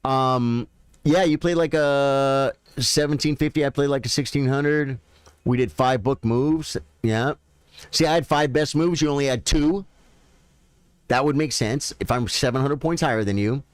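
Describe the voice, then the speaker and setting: A man streaming chess, chatting casually with viewers and thinking out loud about his games. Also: mid-range voice, measured pace, clear, resonant tone, dry recording, studio quality. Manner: chatty, thinks aloud, addresses viewers directly. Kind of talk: casual live-stream commentary.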